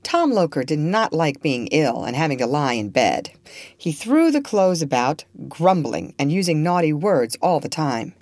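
A woman reading a classic story aloud in an expressive storybook style. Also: deep voice, moderate pace, no echo. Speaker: narrator.

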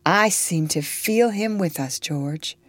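A woman's voice: lowish voice, slow, dry recording, pitched above the performer's own voice. A woman voicing a hopeful, earnest young mother on the run.

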